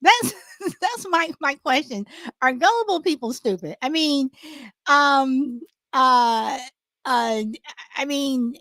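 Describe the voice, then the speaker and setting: A woman's voice: high voice, animated, slow pace, fairly bright tone, dry recording. Rambling woman hosting a chat show. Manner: rambling, many restarts and fillers. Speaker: host. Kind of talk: casual live show chat.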